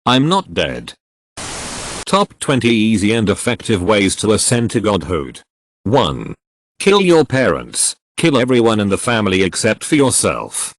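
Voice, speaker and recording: A man narrating comic text-game stories in a deadpan way, breaking off with exasperated asides. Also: lowish voice, normal speed, no room sound. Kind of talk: comedic story reading.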